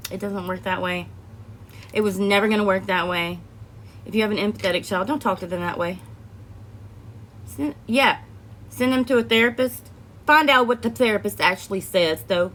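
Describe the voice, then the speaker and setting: A young woman talks straight to her viewers in a loose, rambling way, her voice sitting on the low side. She drifts between thoughts, often breaking off into laughs and sighs. A faint hum sits under the recording. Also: a bit bright. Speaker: vlogger. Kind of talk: casual personal storytelling to camera.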